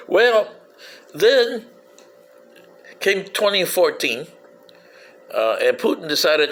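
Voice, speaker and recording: Guy with a high bright voice rambling comic history, bouncy sing-song pitch, whooping. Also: sing-song, slow, long pauses. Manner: rambling, talks back to himself, whoops "yoo-hoo". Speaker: commentator. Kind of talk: rambling comedic history monologue.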